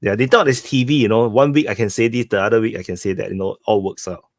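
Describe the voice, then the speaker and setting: A man's voice: on the low side, fast talker, no echo, clean studio sound. A man from Singapore chatting casually and jokingly over a video call. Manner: joking, many "you know" fillers. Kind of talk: casual chat.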